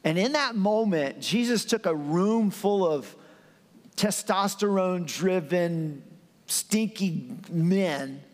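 Male preacher, conversational storytelling sermon, fairly high voice, long church reverb. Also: animated, slow pace, darkish tone. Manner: storytelling, conversational, acts out scenes. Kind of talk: animated sermon.

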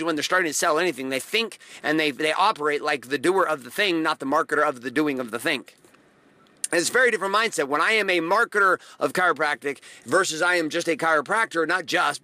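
A man's voice: fairly high pitch, pushed and bright, dry recording. A man giving a blunt, profane motivational talk, hammering phrases by repeating them and acting out the people he quotes. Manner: acts out quoted voices. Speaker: motivational host.

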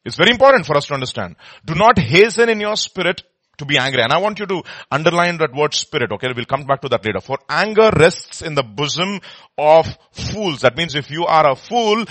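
A man teaching a Bible study, emphatic, repeating words and swinging between soft and loud. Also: on the high side, no echo.

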